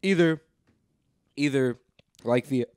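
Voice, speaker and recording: A man's voice: mid-range voice, slow pace, a little mellow, smooth, no echo. A man co-hosting a casual podcast, chatting loosely, laughing often and restarting his sentences. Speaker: podcast co-host. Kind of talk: casual chat.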